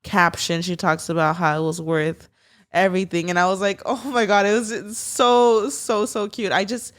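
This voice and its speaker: Gushing, excitable woman co-host. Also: medium pitch, normal speed. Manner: gushing, excitable, swears casually. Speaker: podcast co-host. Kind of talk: casual chat.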